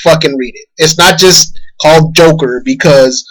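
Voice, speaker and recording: A man co-hosting a casual movie review chat, talking in a profane, animated storytelling way. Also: fairly high pitch, moderate pace, rough recording.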